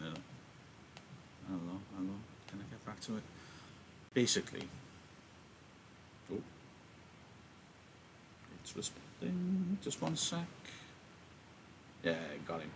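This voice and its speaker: A man's voice: low-pitched, fairly bright tone, a little hiss or hum. A man teaching live, reading a play aloud and explaining it in a joking, chatty way over a laptop mic.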